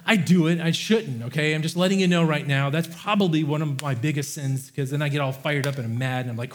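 A man preaching with fervor, his voice sitting a little higher than most men's. He repeats phrases and stumbles over restarts as he drives each point home. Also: fast talker, few pauses. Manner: impassioned, repetitive preaching with many restarts. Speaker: pastor. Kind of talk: sermon.

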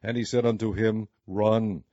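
A man reading scripture aloud in a measured, deliberate manner. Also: medium pitch, dark tone, no room sound. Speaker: scripture reader. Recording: slightly muffled recording with faint music.

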